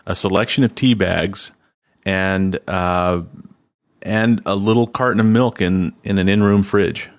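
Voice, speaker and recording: A man co-hosting a casual podcast, telling stories in a relaxed way with repeated words. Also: sits low, unhurried. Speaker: podcast co-host. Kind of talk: casual chat.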